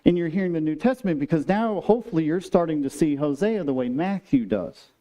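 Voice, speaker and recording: A man with a high, mellow voice preaches a sermon in a church sanctuary. He talks casually and with humor, slipping into lively acted-out voices for the quotes he reads. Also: fairly quick. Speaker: pastor.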